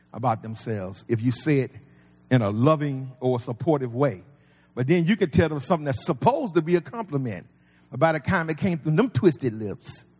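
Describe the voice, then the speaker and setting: A man's voice: fairly high pitch, a little mellow, husky. A man preaching a sermon as pastor, folksy and conversational with humor. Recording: long reverb of a large hall.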